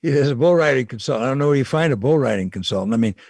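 A man's voice: mid-range voice, animated, very fast, creaky, a little mellow, dry recording. Wry older man talking politics. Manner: wry, repetitive, chuckling asides. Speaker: political commentator. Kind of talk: casual political commentary monologue.

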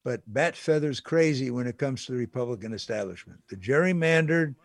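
An older man hosts a talk show in an opinionated monologue, indignant and animated. He laughs as he rants. His voice sits in a middle pitch, and the sound is close and dry. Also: a little fast, creaky, dry recording.

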